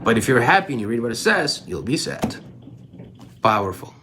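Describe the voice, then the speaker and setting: A man coaching on life, telling a story with animated delivery, asking the audience questions and repeating key phrases. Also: medium pitch, moderate pace, background noise. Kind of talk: motivational storytelling.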